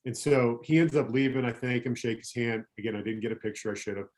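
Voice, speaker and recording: A man's voice: mid-range voice, quick pace, darkish tone. Man telling long stories on a podcast. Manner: rambling anecdotes with self-corrections. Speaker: guest, former pro pitcher. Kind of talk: casual storytelling chat.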